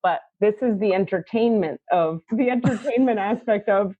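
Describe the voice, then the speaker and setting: A woman hosting a podcast, telling spiritual stories in an excitable way and acting out quotes in high squeaky voices. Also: moderate pace, dry recording, narrow, tinny audio. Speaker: podcast host and spiritual teacher. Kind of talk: animated casual chat.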